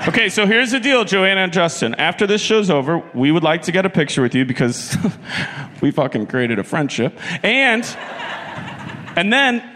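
A man's voice: sits high, big pitch swings, normal speed, sharp tone. A man co-hosting a live comedy podcast on a festival stage, dry and teasing, steering his partner back on track. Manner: dry, teasing, keeps the segment moving. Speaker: podcast co-host. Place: hall at a live festival show.

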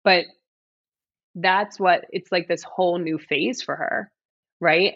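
An earnest, heartfelt woman in her thirties shares her thoughts as an interview guest, her voice carrying a gravelly fry. She keeps checking in with "right?" as she goes. The audio is dry and a little muffled. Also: deep voice, a bit bright, dry recording. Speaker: podcast guest, mother and coach. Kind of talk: reflective interview conversation.

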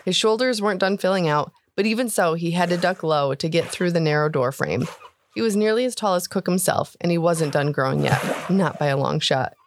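A woman hosting a tabletop game podcast, giving a steady, expressive story narration. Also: fairly low pitch, fairly quick, a little hiss or hum. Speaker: podcast host and story reader. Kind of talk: read-aloud story narration.

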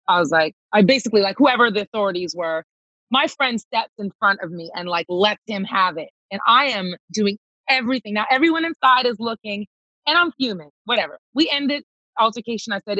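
A woman's voice: mid-range voice, lively intonation, fairly quick, fairly bright tone, no room sound, poor audio. A woman, a touring singer, telling a personal story emphatically and acting out the dialogue. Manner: emphatic, reenacts dialogue, calls listener girl.

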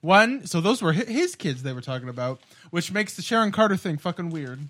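Animated man riffing on a podcast. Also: high-pitched, a little fast. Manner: animated, swearing, laughs often. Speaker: podcast co-host. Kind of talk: casual film discussion.

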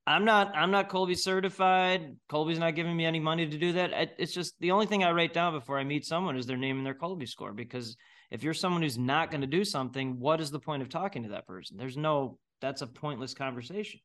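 A man's voice: fairly high pitch, brisk, a bit bright. A middle-aged man speaking bluntly and with strong opinions as an interview guest, often laughing mid-sentence. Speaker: guest entrepreneur. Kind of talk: casual interview talk.

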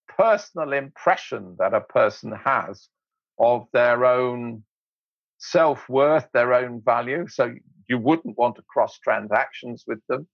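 A man, an interview guest, telling anecdotes in an animated way, laughing often and acting out voices. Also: medium pitch, no echo, lo-fi sound. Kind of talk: anecdotal storytelling.

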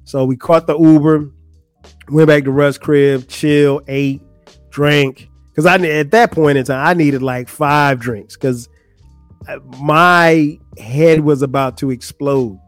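Guy on his podcast ranting a story, kinda higher voice, dry mic, little music under it. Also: slow pace, dry recording. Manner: animated, exasperated storytelling with many restarts. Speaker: podcast host. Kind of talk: casual storytelling monologue.

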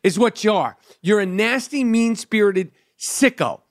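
A man's voice: high-pitched, expressive, unhurried, no room sound, studio quality. A man in casual chat, ranting heatedly with lots of swearing.

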